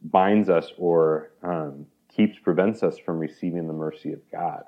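Male guest, a somewhat low voice with a muffled, lo-fi sound. He tells stories animatedly and acts out quoted lines in conversation. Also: measured pace. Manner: animated storyteller, acts out quoted speech, many "like"s. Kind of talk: conversational interview explaining a parable.

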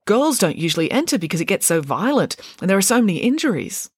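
A woman's voice: mid-range voice, sing-song, fast talker, breathy edge, no echo, pitched above the performer's own voice. A woman reading a storybook, voicing a worldly teenage schoolgirl who talks in a matter-of-fact, bossy way.

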